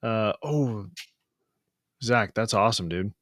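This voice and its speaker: A man's voice: lowish voice, expressive, takes it slowly, a bit bright, dry recording, clean studio sound. A man hosting a casual live-stream hangout, chatty and laughing as he tells stories. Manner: chatty storyteller, laughs often, restarts mid-sentence. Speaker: host.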